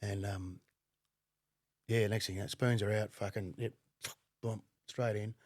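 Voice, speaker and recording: A man, a podcast guest telling a story in a casual, profane and animated way, often laughing. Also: lowish voice, a little slow, dry recording, clean studio sound.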